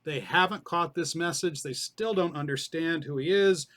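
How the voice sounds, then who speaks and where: Bright-voiced man leading a Bible study. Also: a little high, normal speed. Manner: conversational, questions the group, explains words.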